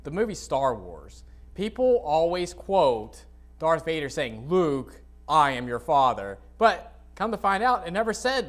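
A man preaching an informal sermon to a congregation, reading scripture and adding blunt, dismissive asides while often clearing his dry throat. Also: a little high, sing-song, a little slow. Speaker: pastor. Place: church sanctuary, speaking to a congregation.

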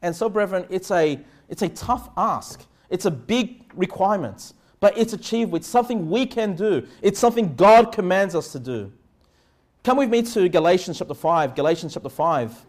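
A man with a notably high speaking voice delivers a sermon as pastor. He preaches earnestly, putting rhetorical questions to his listeners and slowing down to read scripture. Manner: slow, deliberate scripture reading.

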